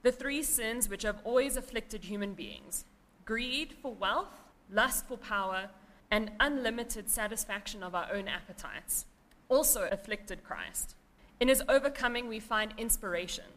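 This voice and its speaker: A woman delivering a sermon in a measured, reflective manner. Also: a little high, a bit bright, in a large hall.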